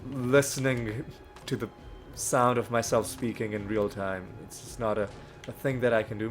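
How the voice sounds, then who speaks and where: A man's voice: lowish voice, fairly even intonation, moderate pace, few pauses. A man with a cold, now and then coughing, casually commenting on a video game as a let's play host while rambling and thinking aloud at his desk mic. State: ill with a cold, occasional coughs. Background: faint game music.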